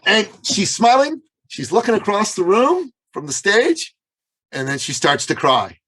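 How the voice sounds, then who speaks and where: A man's voice: wildly swooping pitch, unhurried, a bit bright, breathy edge, poor audio. A man, a business coach born in Iran, telling a story as an interview guest, acting out the quotes with big swings in voice and pacing. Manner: dramatic, acts out quotes with big pitch swings. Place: Toronto. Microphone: remote call.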